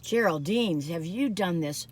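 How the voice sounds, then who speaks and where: A woman's voice: lowish voice, expressive, unhurried, husky. A woman reviewing pastries in a casual food vlog, recorded on her phone in a parked car, gushing and laughing often. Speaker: food vlogger.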